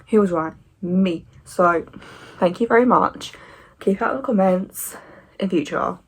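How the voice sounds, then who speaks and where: A woman in her twenties talking casually to camera as a football fan vlogger, animated and opinionated with sarcastic asides. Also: lowish voice, a little slow, breathy edge.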